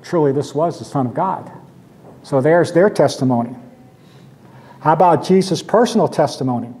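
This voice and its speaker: Man, Sunday school teacher, slightly high voice, conversational, rhetorical questions, emphatic scripture quotes. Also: lively intonation, moderate pace, mellow. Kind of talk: Bible class teaching.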